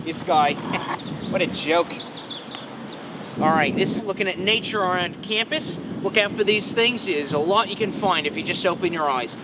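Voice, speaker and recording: A young man playing a bumbling, overconfident nature documentary host in a comedy sketch, talking in a rambling, mock-serious, deadpan way, recorded outdoors on a campus. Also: sits high, moderate pace, lightly acted. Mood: dismissive. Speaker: comic nature show host. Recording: noisy outdoor recording with traffic.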